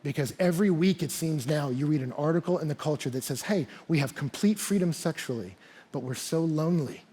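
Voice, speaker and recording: A man's voice: on the high side, fairly quick, dark tone, husky. A man preaching a sermon as a pastor in a church, talking conversationally and acting out quotes and asides.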